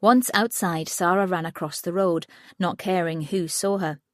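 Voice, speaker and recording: A woman narrating an audiobook thriller in a steady, even way, close to the mic. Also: on the low side, normal speed, no room sound. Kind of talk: scripted narration.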